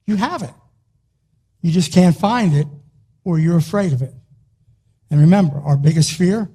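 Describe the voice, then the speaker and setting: An older man with a notably high-pitched voice speaks to an audience in a motivational talk. He repeats his key phrases with emphasis and now and then rises to a shout. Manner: emphatic, repetitive, rising to a shout on key lines.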